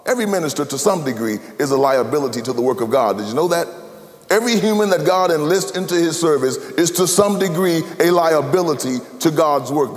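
Preacher with a long hall echo. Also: male voice. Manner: preaching cadence, sweeping from loud high emphasis to low hushed tones. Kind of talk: sermon.

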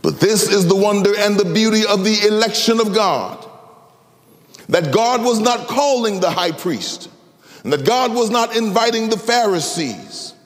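Dramatic male preacher in a reverberant hall. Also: lively intonation. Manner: dramatic, swinging between slow low emphasis and high, sing-song rises. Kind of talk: sermon.

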